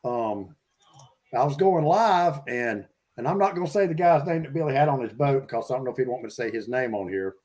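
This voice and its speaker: A man's voice: mid-range voice, lively intonation, a little fast, a little mellow. A man, a fishing guide, telling a chatty, rambling story in casual talk.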